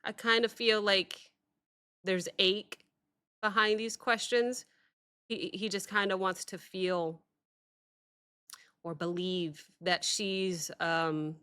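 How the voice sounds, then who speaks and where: A woman hosting a music reaction video, talking reflectively in a halting way with many pauses and fillers. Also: on the low side, fairly even intonation, pushed and bright, smooth. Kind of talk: casual reaction commentary.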